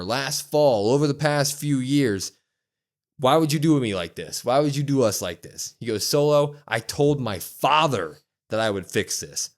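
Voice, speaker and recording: Man, podcast co-host, excited recap, acted-out quotes, medium pitch. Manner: animated storytelling, acts out quotes with loud whoops.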